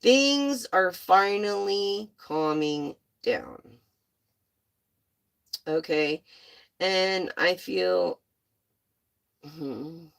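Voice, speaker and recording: A young woman giving a casual, excitable tarot reading to her viewers, gushing and swearing freely. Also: fairly low pitch, extremely slow, creaky, pauses often. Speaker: tarot reader.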